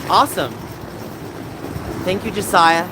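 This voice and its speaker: A man's voice: high-pitched, a little slow. A man hosting a casual livestream from outdoors, chatting back to viewers and rambling between stories. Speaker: livestream host. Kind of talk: casual chat with live chat. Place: outdoors on a city street. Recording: noisy outdoor street recording.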